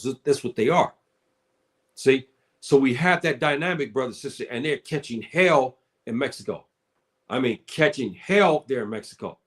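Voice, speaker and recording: A man giving casual spoken commentary, addressing listeners as brother and sister and often repeating his words. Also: medium pitch.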